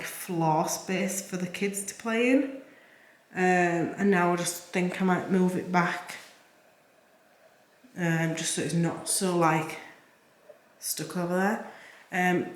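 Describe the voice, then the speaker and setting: A young woman with a Yorkshire accent chatting casually and rambling a bit as she tours her house, talking from her kitchen. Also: mid-range voice. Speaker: cleaning vlogger. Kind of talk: casual vlog chat. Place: home kitchen. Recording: echoey room with faint background noise.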